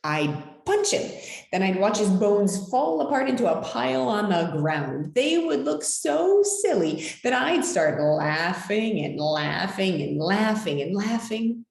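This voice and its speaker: Animated woman reading a children's storybook aloud. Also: medium pitch, slow pace, gravelly, echoey room. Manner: dramatic, swooping storytelling voice. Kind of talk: expressive children's picture-book reading.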